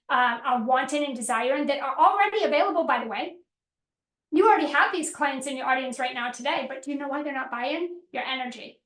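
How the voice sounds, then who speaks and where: A woman's voice: high voice, fairly bright tone. A woman business coach teaching a live workshop, emphatic and repetitive, acting out pleading voices to make her point. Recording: roomy echo.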